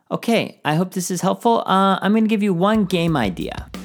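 A man's voice: high-pitched, expressive, normal speed. A man hosting a teaching podcast, giving encouraging classroom tips and often singing short phrases.

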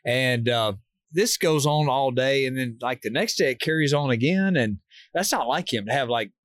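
A man's voice: medium pitch, moderate pace, a bit bright, dry recording. Laid-back man on a dry mic. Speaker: podcast co-host; football coach. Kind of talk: casual storytelling chat.

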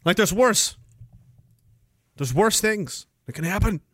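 A man's voice: sits high, expressive, takes it slowly, loud music behind the voice. A man from Canada hosting a casual, profane livestream, joking crudely, laughing often and reading out chat messages.

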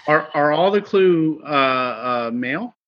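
A man's voice: a little high, lively intonation, takes it slowly. A man playing a tabletop game, tossing out joking asides in casual talk. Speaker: player. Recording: dull lo-fi sound.

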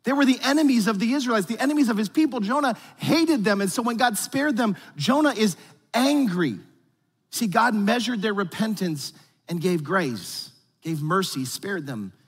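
A pastor with a high, expressive, slightly breathy voice preaches at normal speed in a church sanctuary, delivering a playful, joking sermon straight to his congregation. The large hall gives the recording a long reverb.

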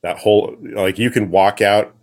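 A man chatting casually as a podcast guest, describing a fishing spot in a relaxed, matter-of-fact way. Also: on the low side, normal speed. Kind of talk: casual chat.

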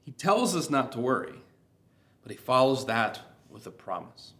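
A man preaching a sermon in a steady, middle-pitched voice. He reads scripture in a measured way and lets the ends of his phrases drop quietly. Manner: measured reading with falling phrase endings. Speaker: pastor.

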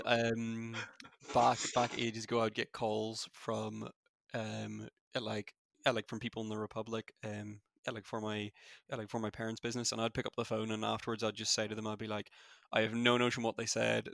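A young man with a Belfast accent who talks quickly, full of fillers and restarts, in a casual interview. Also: fairly low pitch, completely flat delivery, gravelly, a bit bright, no room sound. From Northern Ireland. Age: young adult. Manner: fast-talking, many fillers and restarts. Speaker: former student guest.

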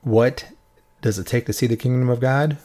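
A man explaining Bible verses in a relaxed, conversational way, often checking in with a questioning "right?". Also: mid-range voice, normal speed. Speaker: Bible teacher.

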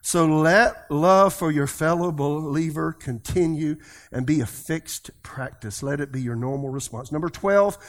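Animated higher-voiced man preaching. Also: a little slow. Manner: animated preaching with swings between loud and soft; leads the congregation in call-and-response. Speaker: pastor. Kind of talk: sermon.

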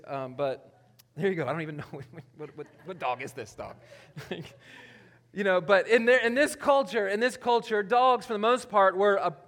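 High-voiced man preaching casually. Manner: casual, chuckling, self-interrupting with restarts; animated, swings between loud and quiet asides. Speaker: pastor. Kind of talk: conversational sermon.

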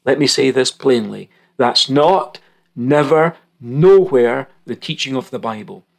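A male Bible teacher and broadcaster delivers a recorded teaching talk, measured and earnest, leaning hard on key words. His voice carries a gravelly texture. His pitch moves freely as he reads scripture and explains it. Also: expressive. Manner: reads scripture passages aloud.

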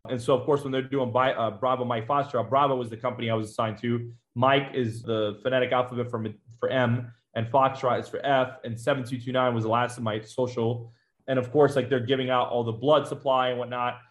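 A man speaks quickly in a mid-range voice, recounting his own experience as a former Marine during an interview. He talks in a conversational, matter-of-fact way, with fillers and small restarts as he goes. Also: mid-range voice, flat delivery. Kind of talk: personal storytelling in an interview.

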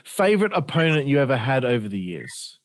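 A man's voice: mid-range voice, sing-song, fairly quick, dry recording. A man hosting a casual interview, laughing often and calling his guest bro. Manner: laughing, enthusiastic, says bro. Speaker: podcast host.

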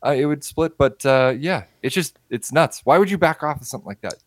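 A man's voice: fairly high pitch, lively intonation, a little fast, no room sound. A man co-hosting a casual pop-culture chat, opinionated and jokey, ranting with rhetorical questions. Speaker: co-host.

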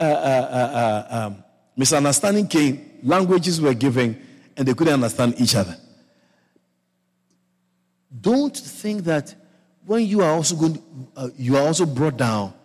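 Lively husky-voiced male preacher in a hall. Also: on the high side. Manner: animated, playful preaching with repeated words and asides. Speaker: pastor. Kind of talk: sermon.

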